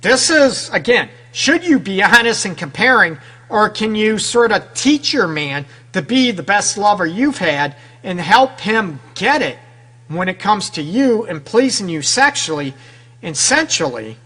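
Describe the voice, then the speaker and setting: Guy doing a relationship advice radio show, high bright voice, chatty, keeps asking the ladies questions. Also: very animated, unhurried, breathy edge. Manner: direct, conversational, keeps addressing women listeners; frequent rhetorical questions and tag "right?". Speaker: relationship counselor and radio host.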